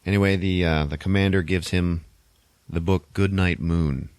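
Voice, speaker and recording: A man casually recapping a film's plot on a podcast, loose and wry, swearing and tossing in quick mock voices for the characters. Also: sits low, steady tone, a little mellow, smooth, dry recording. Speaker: podcast host recapping a film. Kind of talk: casual chat.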